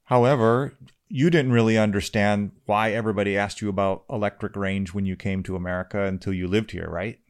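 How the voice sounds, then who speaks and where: A man's voice: lowish voice, fairly even intonation, a little fast. A man co-hosting a casual podcast with his wife, talking in an easygoing, rambling way with lots of fillers. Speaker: podcast co-host. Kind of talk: casual chat.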